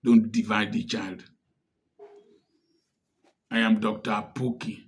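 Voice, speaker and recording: A man's voice: fairly low pitch, flat delivery, takes it slowly. A man with a Nigerian English accent giving impassioned commentary, firing off rhetorical questions in a preachy tone. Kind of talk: direct-to-camera social commentary.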